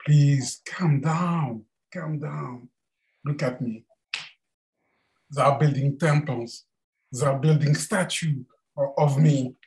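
A man voicing a calm, kind spiritual teacher who speaks gently and soothingly. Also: mid-range voice, unhurried, pauses often, natural voice.

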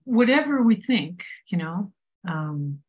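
A woman giving a reflective spiritual talk, unhurried and full of pauses and fillers. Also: on the low side, big pitch swings, muffled recording. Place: Paris.

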